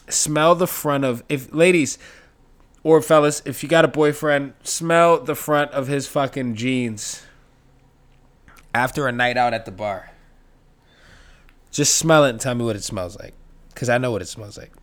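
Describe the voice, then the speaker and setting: A man doing a profane, sarcastic stand-up monologue that rambles, with sudden loud jumps. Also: lowish voice. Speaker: stand-up comedian. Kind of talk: comedic monologue.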